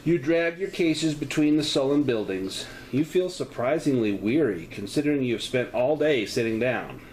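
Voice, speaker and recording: A man's voice: moderate pace, slight background noise, low-quality recording. A man running a solo tabletop horror game, narrating the scene in detail and offering choices to a player. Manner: descriptive, with lively pitch, offering choices. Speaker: game master.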